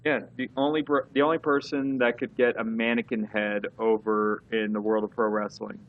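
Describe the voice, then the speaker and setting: A man's voice: fairly low pitch, level tone, normal speed, narrow, tinny audio. A man co-hosting a casual wrestling chat, rambling with lots of fillers and restarts. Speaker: podcast co-host.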